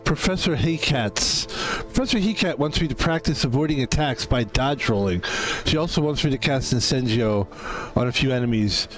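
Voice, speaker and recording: A man's voice: medium pitch, expressive, moderate pace, soft background music. A man casually commenting while playing a video game, rambling between jokes and swearing freely. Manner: rambling, profane, joking asides. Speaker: gaming YouTuber. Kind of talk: casual let's-play commentary.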